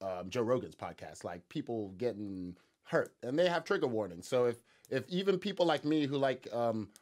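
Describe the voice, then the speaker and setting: A man talks through a news clip in loose, offhand commentary, his voice sitting at an ordinary middle pitch. His tone is sarcastic and mocking. He rambles, stumbling over restarts and repeating words as he goes. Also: very animated, normal speed, a little mellow. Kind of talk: casual reaction commentary.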